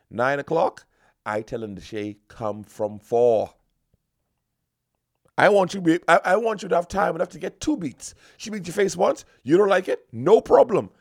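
Preachy high-voiced man, gravelly. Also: no echo, clean studio sound. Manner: preachy, emphatic, mock-sermon tone with repetitions. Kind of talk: comic lecturing monologue.

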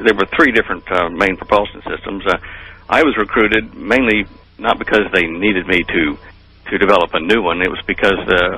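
A man's voice: deep voice, bright, forceful tone, slight background noise, low-quality recording. An older man telling his story in an interview, rambling and hesitant with many fillers. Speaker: interview guest.

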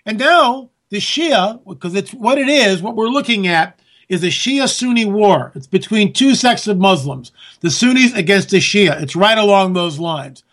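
Ranting man, high-pitched. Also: expressive, moderate pace, a bit bright. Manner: sarcastic, ranting, addresses listeners as folks. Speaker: talk show host. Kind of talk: political commentary monologue.

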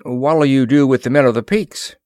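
A man's voice: medium pitch, normal speed, darkish tone, no echo, clean studio sound, pitched above the performer's own voice, lightly acted. A man voicing a cool male flyer who drawls, mutters and speaks with sarcasm. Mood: sardonic.

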